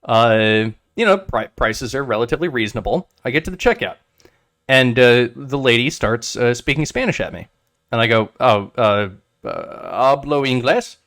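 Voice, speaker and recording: A man chatting on a podcast, his pitch swinging widely as he rambles through anecdotes. He stumbles over restarts and swears freely. The sound is close and dry. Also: normal speed, dry recording. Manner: rambling, many restarts and swearing, animated retellings. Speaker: podcast co-host. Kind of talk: casual chat.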